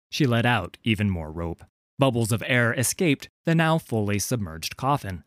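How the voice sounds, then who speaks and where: Expressive male storybook narrator. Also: medium pitch, moderate pace, no room sound, clean studio sound. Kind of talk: dramatic audiobook narration.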